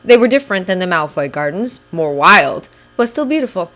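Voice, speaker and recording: A woman reading fanfiction aloud in a steady, even audiobook narration. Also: lowish voice, a little fast, soft background music. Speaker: fanfiction reader.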